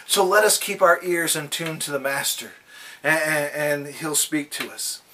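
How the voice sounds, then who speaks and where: A man's voice: a little high, measured pace, recorded from a distance, noisy background. A man giving a daily devotional talk and telling folksy stories. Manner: folksy anecdotal storytelling. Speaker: devotional speaker.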